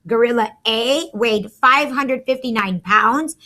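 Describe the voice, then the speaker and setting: A woman's voice: on the high side, slow, pushed and bright. A woman teacher in a recorded math lesson, chatty and talking through each step aloud to her students.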